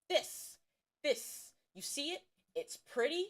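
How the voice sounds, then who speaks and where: A woman from Ohio chats casually on a stream, swearing a lot and piling up emphatic warnings. Her pitch swoops all over. She talks slowly and in an unhurried way. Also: sing-song. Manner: profane, emphatic, repetitive warnings. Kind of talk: casual livestream chat.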